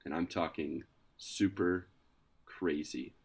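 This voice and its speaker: A man hosting a casual podcast, introducing his co-hosts with energetic, playful hype. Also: extremely low pitch, takes it slowly, gravelly, slightly rough. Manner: energetic, hyped, playful announcer delivery. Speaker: podcast host.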